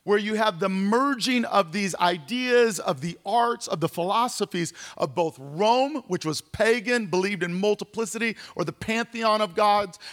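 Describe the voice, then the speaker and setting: A man's voice: sits high, a bit bright. A middle-aged man, a pastor, teaching a Bible study in a conversational way and often repeating words as he explains.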